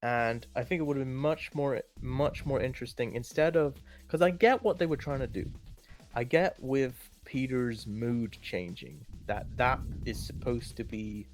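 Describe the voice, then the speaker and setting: Rambling young man ranting casually. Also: medium pitch. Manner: rambling, full of restarts and "like". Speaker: co-host ranking films. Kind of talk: casual opinionated chat.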